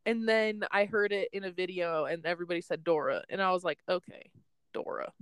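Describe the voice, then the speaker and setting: A woman's voice: lowish voice, steady tone, fast talker, clean tone, no room sound, low-quality recording. A young woman hosting a podcast, telling a story in a casual, rambling way and laughing often. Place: in a parked car.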